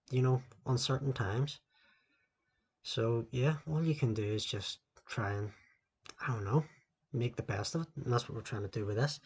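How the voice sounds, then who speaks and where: A man's voice: medium pitch, husky. A man hosting a podcast on his own, talking into a laptop indoors in a rambling, loosely ranting way and swearing constantly. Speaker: podcast host. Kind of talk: solo podcast rant. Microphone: laptop microphone.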